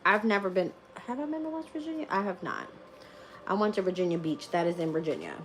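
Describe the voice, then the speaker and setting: A woman chatting casually on a live stream as a tarot reader, laughing often and swearing freely as she tells animated stories. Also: on the low side, fast talker, slight background noise.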